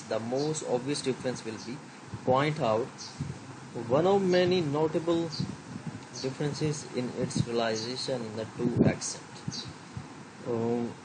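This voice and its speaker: Halting lecturer, noisy room. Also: male voice, mid-range voice. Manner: reads from slides, halting, with many fillers; switches to Hindi to explain. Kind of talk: recorded slide lecture.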